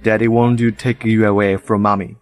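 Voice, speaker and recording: An actor dubbing a calm, reassuring wealthy father. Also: fairly low pitch, fairly quick, natural voice. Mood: tender. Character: rich, gentle father reassuring his children. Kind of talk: English drama dub.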